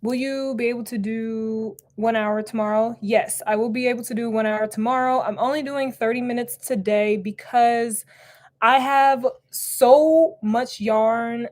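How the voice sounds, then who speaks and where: A young woman hosting a relaxed crochet livestream from home, greeting viewers by name and laughing often as she chats. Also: fairly high pitch, unhurried. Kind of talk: casual live-stream chat reading comments.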